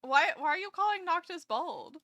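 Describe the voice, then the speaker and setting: Woman streamer, excitable storyteller, crisp bright tone, dry booth-like sound. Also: extremely high pitch, moderate pace, no room sound, highs cut off. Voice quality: animated storyteller, laughs a lot, excitable. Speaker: VTuber streamer. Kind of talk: casual livestream storytelling.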